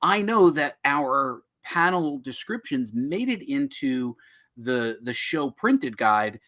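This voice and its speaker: A middle-aged man from New Jersey, co-hosting a casual chat with jokey, animated storytelling. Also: medium pitch, takes it slowly. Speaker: co-host of a comics podcast.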